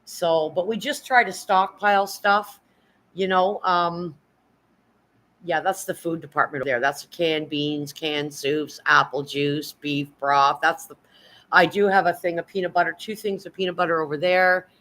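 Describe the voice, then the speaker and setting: On a low-quality recording, a middle-aged woman streams live from home, casually showing her pantry and thanking viewers. Her voice is fairly low, steady and a bit bright at a moderate pace, and she gets chatty and emotional, almost crying.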